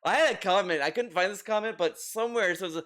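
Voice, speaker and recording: A man with a notably high voice talks through a reaction commentary in a loose, casual way. He swears freely, doubles back on his words and restarts sentences mid-thought. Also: quick pace, a bit bright. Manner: rambling, profane, repeats words and restarts often. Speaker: commentary video host.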